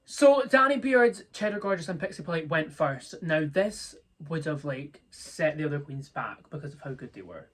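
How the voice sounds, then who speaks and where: A young man hosts a relaxed review chat in a high voice that swings up and down. He talks in a bubbly way, quick to laugh and full of fillers. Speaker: host.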